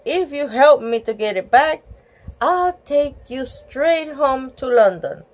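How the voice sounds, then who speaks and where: A woman's voice: high-pitched, animated, slow. A woman voicing a sly male pirate captain while reading a storybook aloud.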